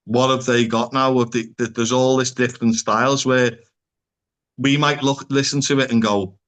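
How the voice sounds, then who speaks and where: A man's voice: mid-range voice, fairly even intonation, normal speed, a bit bright. A man with a Liverpool accent, a psychotherapist talking as a podcast guest, rambling and filling his speech with "like" and the odd swear word. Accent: Liverpool (Scouse). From Liverpool, England. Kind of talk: casual podcast conversation.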